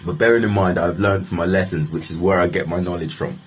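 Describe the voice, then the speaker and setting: A man's voice: low voice, fairly even intonation, fast talker, breathy edge. A man telling a story in a loose, casual way, swearing freely and filling his talk with fillers.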